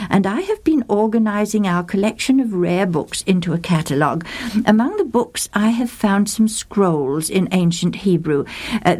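A woman's voice: medium pitch, darkish tone, close to an everyday voice. Woman doing a flustered polite priest. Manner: hesitant, full of uh and polite fillers. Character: polite, flustered male monastery librarian priest.

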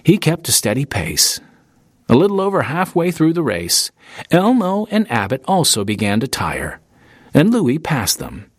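A man reading an audiobook in steady, scripted narration into a close studio mic. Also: fairly high pitch, a little slow, no room sound. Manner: steady storytelling, lively intonation.

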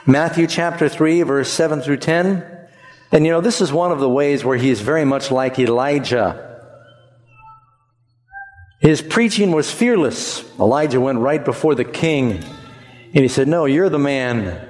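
A man preaching a sermon in an animated way, leading the congregation to repeat lines back to him. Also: medium pitch, a little slow, pauses often, big-room sound.

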